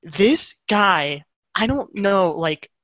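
Here's a young man chatting on a podcast, his voice bright and forward, rambling through a story and slipping into quoted voices. He sounds close and dry, with dull, lo-fi call audio. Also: high voice, lively intonation, extremely slow, dry recording. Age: young adult. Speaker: podcast co-host. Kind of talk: casual storytelling. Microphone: video call.

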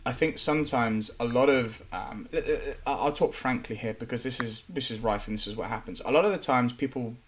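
A man's voice: medium pitch, fairly quick, hardly any pauses, a little hiss or hum. A man from England speaks frankly in a casual panel chat. He rambles and restarts as he talks about his work as a self-employed contractor.

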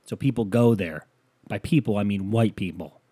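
Rambling profane comedian guy, lowish dark voice, dry sound. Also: normal speed, slightly rough, no room sound. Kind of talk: crude comedic riffing.

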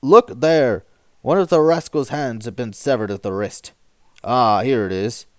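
A man voicing a rough gravedigger who calls out loudly and mocks. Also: medium pitch, a little slow, no echo, close to an everyday voice. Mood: startled. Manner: loud, exclaiming. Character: rough, mocking male gravedigger.

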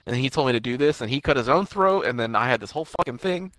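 A man with a bright, forceful voice co-hosts a casual movie review chat. He retells the plot in long run-on stretches, acting out quoted lines and swearing freely. The sound is dry and close. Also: mid-range voice, expressive, fast talker, no room sound. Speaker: podcast co-host.

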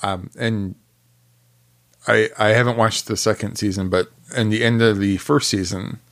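A man's voice: lowish voice, fairly even intonation, normal speed. A man co-hosting a podcast, joking around in casual chat. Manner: playful and joking. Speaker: podcast co-host.

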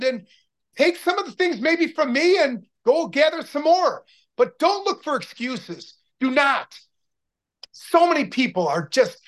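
A man's voice: extremely high pitch, fairly bright tone. A man in his sixties, a former pro football player, telling stories as a guest in a casual interview in an upbeat, motivational, rambling way with many restarts.

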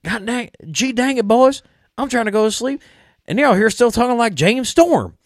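Irritated Southern wrestler, impersonated by a man, high whiny drawl. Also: expressive, moderate pace, dry recording, clean studio sound. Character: grumpy Southern male wrestler kept awake, irritated.

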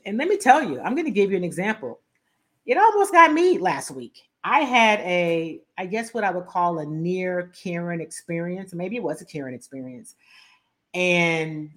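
Animated woman telling a story. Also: fairly low pitch. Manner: animated storyteller, acts out both sides of a quarrel. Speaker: talk show host. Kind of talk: storytelling commentary.

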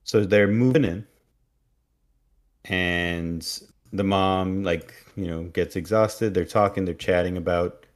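A man's voice: sits low, slow pace. A man co-hosting a podcast, casually recapping an episode with jokes and quoted lines. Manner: joking, animated retelling with quoted voices. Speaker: podcast co-host.

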